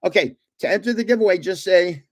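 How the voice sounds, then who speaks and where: A man's voice: sits high, fast talker. An older man hosting a casual livestream from home, rambling through anecdotes and chuckling often. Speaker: livestream host.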